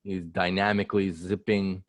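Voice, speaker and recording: A man co-hosting a casual chat, relaxed and full of "you know" fillers. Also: low-pitched, moderate pace, no room sound. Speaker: co-host.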